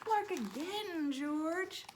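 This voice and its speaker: A woman's voice: very high-pitched, expressive, noisy background, pitched above the performer's own voice, exaggerated voice. A woman voicing a stern mother dog who scolds her puppy firmly, with a Midwestern American accent. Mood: scolding. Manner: firm, drawn-out scolding.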